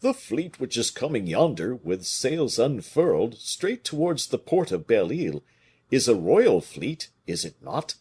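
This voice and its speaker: A man reading an audiobook voices a scheming bishop who speaks in a bland, measured, quiet way. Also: medium pitch, sing-song, breathy edge, pitched above the performer's own voice, exaggerated voice. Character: calm, scheming male bishop, Aramis.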